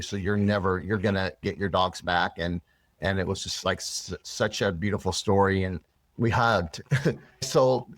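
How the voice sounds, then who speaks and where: Male guest, low voice, earnest rambling storyteller, dry room. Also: dry recording. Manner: rambling, earnest, many restarts. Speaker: interview guest. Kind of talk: emotional personal storytelling.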